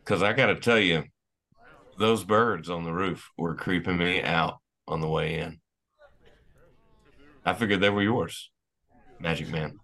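Deep-voiced wisecracking player. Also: male voice, unhurried, long pauses, sharp tone. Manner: wisecracking, cheeky banter. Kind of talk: casual tabletop role-play.

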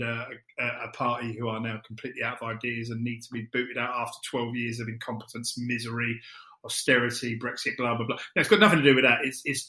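A man's voice: mid-range voice, pushed and bright, roomy sound. A man co-hosting a casual chat podcast, sardonic and joking as he rambles through tangents. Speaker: podcast co-host.

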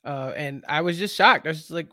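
A woman's voice: low voice, brisk, dry recording. Mock-indignant woman, dry close sound. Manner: expressive, mock-indignant reactions. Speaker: podcast co-host. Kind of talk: casual chat.

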